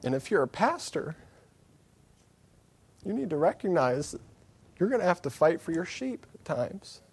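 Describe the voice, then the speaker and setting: Pitched on the high side with big swings, his slightly mellow, breathy voice moves at normal speed through a sermon. He speaks earnestly and candidly, repeating phrases for emphasis and slipping in jokes at his own expense.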